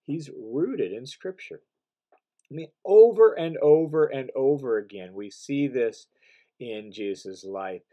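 A man's voice: medium pitch, lively intonation, slow, mellow, lo-fi sound. A man preaching a sermon in an earnest, emphatic way, often restarting phrases and building to stressed bursts.

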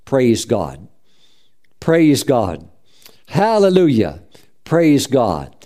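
A man's voice: mid-range voice, wildly swooping pitch, extremely slow, warm tone. A middle-aged man preaching a sermon as pastor, fervent, punctuating his points with "praise God" and acting out quoted voices.

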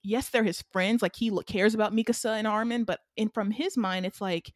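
A woman, co-hosting a casual anime recap chat and retelling scenes with excited, animated energy. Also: medium pitch, fairly quick, dry recording, studio quality. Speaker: podcast co-host.

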